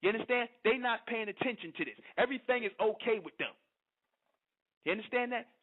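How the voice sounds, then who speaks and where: A man's voice: high voice, lively intonation, fairly quick. A middle-aged man, hosting an internet radio show and preaching in a fiery monologue that keeps asking "you understand?". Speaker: radio host. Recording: tinny phone-line audio.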